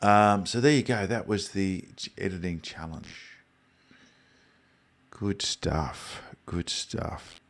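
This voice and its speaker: An Australian man hosting a live photography show, chatting casually about viewer photos while a bit congested. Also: sits low. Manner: relaxed, rambling, with frequent fillers. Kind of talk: live-stream chat reviewing viewer photos.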